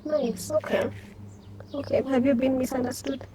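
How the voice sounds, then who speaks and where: Animated woman host, higher voice. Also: normal speed, crowd noise. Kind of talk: casual interview chat. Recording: voice a bit far from the mic.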